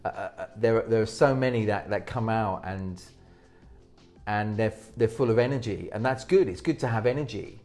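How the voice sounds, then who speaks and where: Lively, low-voiced male speaking coach. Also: moderate pace, soft background music. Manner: energetic, restarts sentences, demonstrates techniques. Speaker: presentation coach. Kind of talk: interview advice.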